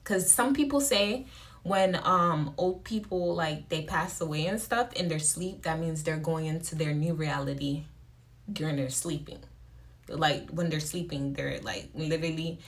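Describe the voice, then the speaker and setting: A woman's voice: sits low, unhurried. A woman vlogger talking casually to her phone camera, rambling with many fillers and restarts.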